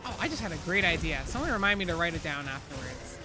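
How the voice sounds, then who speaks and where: Woman streamer, chatty, excitable, swooping lively voice, faint game music behind. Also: lowish voice, fast. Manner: chatty and excitable, rambling asides. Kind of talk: casual live-stream chat while gaming.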